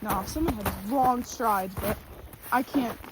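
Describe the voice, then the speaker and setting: A woman vlogging outdoors in deep snow, chatty and exclamatory, mocking herself, out of breath with a slightly rough voice, recorded on a tripod camera. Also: takes it slowly. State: voice a bit rough. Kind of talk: casual vlog narration. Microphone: camera on a tripod, sometimes from a distance. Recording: noisy outdoor recording, sometimes far from the mic. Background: outdoor ambient noise.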